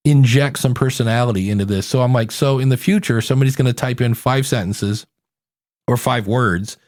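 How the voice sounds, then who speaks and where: A man's voice: medium pitch, a little fast, a little mellow, no echo, clean studio sound. A middle-aged man hosting a podcast, chatting casually and acting out quotes with playful voices. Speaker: podcast host.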